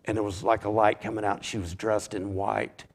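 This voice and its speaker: A man with a fairly low voice tells his personal testimony. He speaks haltingly, restarting sentences and repeating words as he works his way through it. The delivery is plain and unscripted. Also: fairly even intonation, slight background noise. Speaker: church member giving a testimony.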